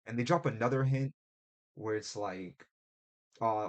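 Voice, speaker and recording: A man co-hosting a casual podcast, retelling a show's plot in animated, profane chat and putting on quick mock voices. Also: mid-range voice. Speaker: podcast co-host.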